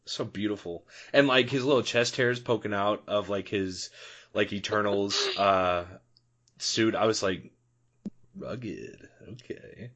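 A man co-hosts a podcast, chatting casually and animatedly about a film and laughing often in a casual movie review. His lowish voice is a bit bright, steady in tone and a little slow.

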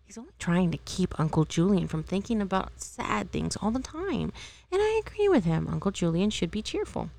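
Woman reading as a young older sister, chiding, earnest, gravelly low voice, dry close sound. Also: sing-song, normal speed, mellow, no room sound.

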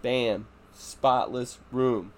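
A man's voice: medium pitch, extremely slow. A man hosting a casual podcast, swearing freely and acting out his kids' voices in stories. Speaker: podcast host. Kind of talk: casual chat.

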